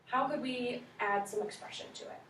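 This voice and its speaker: Woman teacher, fairly high voice, encouraging, classroom lesson, echoey room, heard from a distance. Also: moderate pace, a bit bright, slight background noise. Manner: encouraging, models reading aloud. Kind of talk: classroom instruction.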